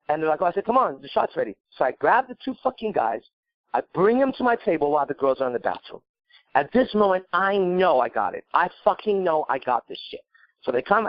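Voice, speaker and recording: Guy on a podcast telling a wild story, lots of swearing, pitched a bit high, kinda muffled dry sound. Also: no room sound. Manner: profane, animated storytelling. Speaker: podcast co-host giving dating advice.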